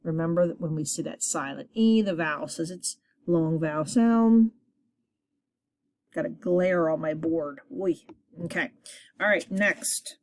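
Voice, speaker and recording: A woman teacher leading a children's reading lesson, encouraging her class and sounding words out slowly at a board. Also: low voice, a little mellow, a little hiss or hum.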